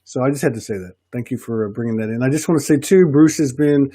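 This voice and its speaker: A man's voice: medium pitch, fast, warm tone, no echo. Rambling Southern man, dry sound. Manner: rambling, many restarts. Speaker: podcast host. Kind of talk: casual chat.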